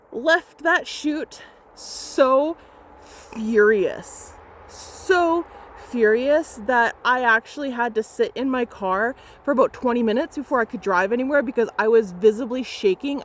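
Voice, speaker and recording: A fairly high-voiced young woman tells a photography client story straight to camera. She is heated and emphatic, and she swears freely as she retells the clash. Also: slow. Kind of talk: angry storytime vlog.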